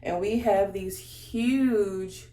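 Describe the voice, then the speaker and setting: A woman's voice: mid-range voice, drawn-out words, warm tone. A woman beauty vlogger telling a story in casual, slangy chat while she does her makeup, talking straight to her viewers. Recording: roomy echo.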